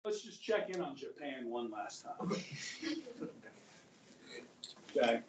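A man's voice: mid-range voice, sing-song, slow, a little hiss or hum. Man lecturing in a roomy classroom. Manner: conversational, asks the class questions, acts out quotes. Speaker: history teacher. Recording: roomy classroom audio from far off.

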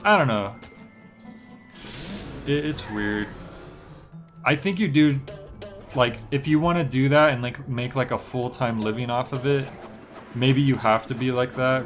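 Over soft background music, a young man streams a game and rambles in relaxed chat full of filler words. His voice sits in the mid-range, and he talks a little slowly with long pauses.

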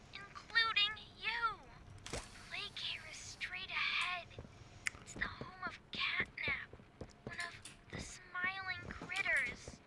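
Ollie, a woman voicing a high, eager young helper. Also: heavily acted. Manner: urgent, hushed, whispering at times. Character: eager young helper guiding the player by radio. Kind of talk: video game voice acting.

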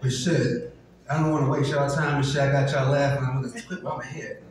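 A man in his forties with a Detroit accent doing a loose, profane stand-up set in a live club, swinging from low mutters to loud shouts. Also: steady tone, quick pace. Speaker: stand-up comedian. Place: live comedy club stage. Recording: echoey club room, distant, crowd laughter.

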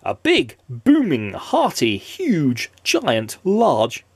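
A man's voice: mid-range voice, big pitch swings, normal speed, darkish tone, breathy edge, no room sound. A father reading a children's story aloud in a playful, sing-song way.

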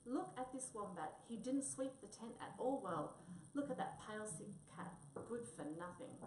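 A woman voicing a bossy male circus headman who shouts and scolds, recorded in a roomy space from a distance. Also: medium pitch, expressive, normal speed, slight background noise, close to an everyday voice. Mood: blustering. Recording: roomy, distant mic, faint ambience.

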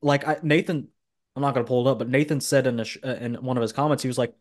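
A man's voice: mid-range voice, fairly even intonation, very fast. A man with a middling voice hosts a casual podcast chat. He gives blunt opinions and often restarts his sentences as he goes. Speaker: podcast host.

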